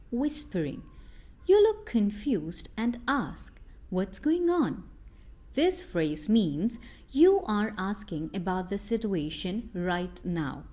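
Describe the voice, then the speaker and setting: Slow, lively woman narrating a lesson. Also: medium pitch. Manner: slow, clear, expressive delivery of example phrases. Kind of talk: scripted narration with acted example lines.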